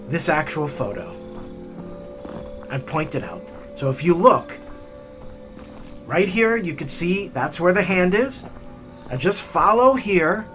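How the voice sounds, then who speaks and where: A man hosting a hiking vlog and telling stories in an animated, chatty way with many fillers. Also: sits high. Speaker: hiking vlogger. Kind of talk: storytelling narration.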